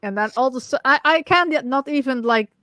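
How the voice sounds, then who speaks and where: A woman's voice: high-pitched, fairly quick, pushed and bright, no echo, clean studio sound. A woman co-host in casual chat, giggling and teasing with short replies.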